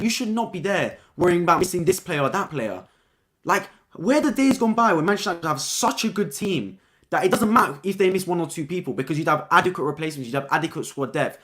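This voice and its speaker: Fast and high-voiced, this young live-stream host reviews football with casual excitement. He keeps repeating his points and tacking "man" onto the ends of his lines.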